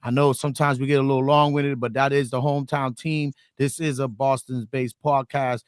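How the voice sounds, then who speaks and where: A man's voice: mid-range voice, flat delivery, brisk, clear, resonant tone, no echo, clean studio sound. A man hosting a casual sports podcast, talkative and prone to repeating words as he builds a point. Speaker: podcast host.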